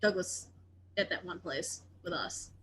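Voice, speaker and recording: A woman playing a tabletop game, talking quickly and chattily. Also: on the low side, fairly bright tone, a little hiss or hum. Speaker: player.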